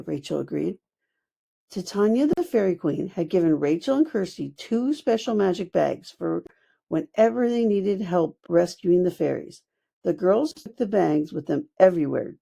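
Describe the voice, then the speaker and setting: A woman narrating a children's book read-aloud in an expressive storytelling manner. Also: on the low side, gravelly, slightly rough.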